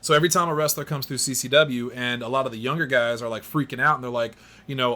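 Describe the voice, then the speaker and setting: A man hosting a podcast, telling stories in an animated, self-mocking way. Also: medium pitch, quick pace. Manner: animated storyteller, laughs at himself. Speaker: podcast host. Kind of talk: casual podcast chat.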